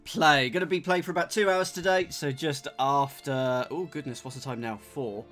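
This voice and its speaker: A man's voice: fairly high pitch, moderate pace, fairly bright tone, soft background music. Jokey man streaming a game. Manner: jokey, reads game text aloud with quips. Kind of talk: casual let's-play chat.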